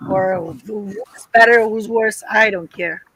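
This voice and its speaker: A woman's voice: mid-range voice, steady tone, slow pace, a bit bright, husky, no echo, low-quality recording. A woman speaking plainly and earnestly as a guest on a casual livestream chat. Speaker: guest, mother of a host.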